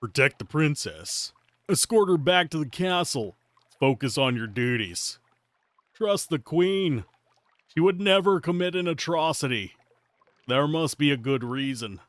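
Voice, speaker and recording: A man's voice: a little high, lively intonation, unhurried, no room sound. A man doing a stiff, dutiful knight. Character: stiff, dutiful male knight, loyal and anxious. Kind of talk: live reading of game dialogue.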